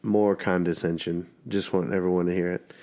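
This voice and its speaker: A middle-aged man hosting a podcast, chatting casually in a teasing, halting way full of fillers. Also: low voice, level tone, mellow. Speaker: podcast host. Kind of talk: casual chat.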